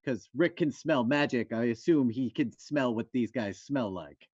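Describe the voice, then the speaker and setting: A man joking wryly at a tabletop game, his pitch lively. He comes through a dull, lo-fi microphone in a dry space. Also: normal speed, breathy edge, no room sound. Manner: wry, joking. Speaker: player. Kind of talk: casual tabletop play.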